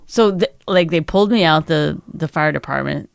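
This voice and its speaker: A middle-aged woman co-hosting a podcast, her voice sitting a little low in her range. She tells stories in casual chat and pitches up sharply to act out what others said. The sound is dry and close. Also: moderate pace, gravelly, clear, resonant tone, no room sound. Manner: animated storyteller who acts out quotes in a high voice. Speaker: podcast co-host.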